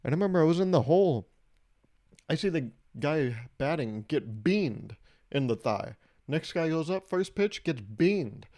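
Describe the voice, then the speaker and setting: A young man hosting a podcast, telling comedic stories in a casual way and acting out quotes in a raised, animated voice. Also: a little high, unhurried. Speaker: podcast host.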